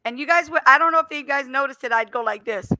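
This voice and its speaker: A woman's voice: high voice, rapid-fire, bright, forceful tone, dry recording. A young woman hosting a live stream in casual, teasing chat, laughing often and talking through a headset.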